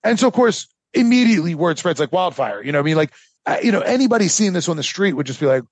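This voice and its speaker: A man co-hosting a history podcast, telling the story in a casual, animated way with lots of fillers. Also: sits high, fast, husky, dry recording. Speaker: podcast co-host.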